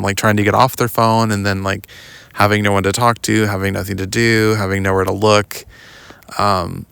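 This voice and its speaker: A young adult podcast host telling a long personal story outdoors in a rambling, casual way, full of "like" and "um". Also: male voice, fairly low pitch, gravelly, a bit bright, smooth, no echo. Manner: rambling, lots of "like" and "um", mimics others in quotes. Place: outdoors walking in the woods.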